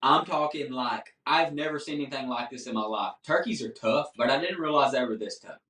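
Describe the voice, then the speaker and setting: In casual podcast conversation, a male guest tells a story with animation and acts out what people said. He has a mid-range voice and a fairly quick pace, recorded in a roomy space with the mic far away.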